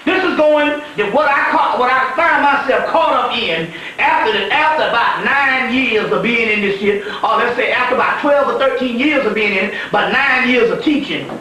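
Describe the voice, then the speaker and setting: A man giving a spiritual lecture, telling stories in a profane, animated way. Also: very high voice, a little hiss or hum. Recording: echoey room heard from far off.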